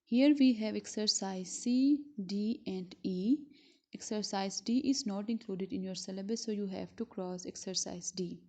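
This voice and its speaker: A woman teacher from Pakistan giving a school lesson, speaking slowly and repeating words syllable by syllable. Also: mid-range voice, darkish tone. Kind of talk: recorded classroom lesson. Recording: dull lo-fi recording.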